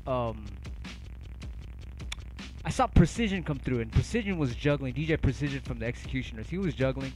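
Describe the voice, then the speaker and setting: A man's voice: mid-range voice, lively intonation, brisk, pauses often, darkish tone. A middle-aged man teaching turntable scratching in a casual livestream lesson, rambling loosely and swearing offhand. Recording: music playing underneath. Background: turntable music.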